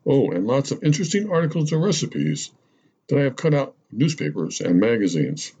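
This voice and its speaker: Man reading as a chatty middle-aged lady, lively husky delivery, rambling list. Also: medium pitch, a little fast. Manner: rambling, breathless list-making. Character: chatty middle-aged woman listing her purse contents. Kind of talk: storytelling narration.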